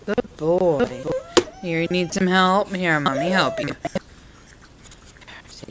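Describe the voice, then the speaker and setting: Young mom doing slow sing-song baby talk. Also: female voice, lowish voice, animated, very noisy. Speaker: mother filming her baby. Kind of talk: home video baby talk. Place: home, indoors. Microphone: handheld camera.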